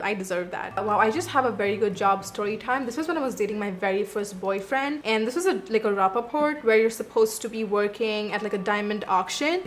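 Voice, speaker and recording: A young woman telling a storytime vlog while doing her makeup. She talks bluntly and sarcastically, with plenty of profanity. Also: mid-range voice. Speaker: beauty vlogger. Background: faint background music.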